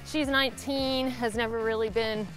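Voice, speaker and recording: A woman's voice: a little high, fairly even intonation, moderate pace, fairly bright tone, faint music behind. Upbeat Southern woman vlogging outdoors. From Alabama, US. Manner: chatty, upbeat. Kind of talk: casual hiking vlog. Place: outdoors on a rural trail.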